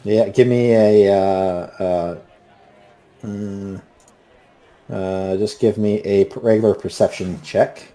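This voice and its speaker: Male GM, relaxed, lowish voice. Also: slow pace. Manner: relaxed, many fillers. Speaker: game master. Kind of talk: narrating a tabletop game.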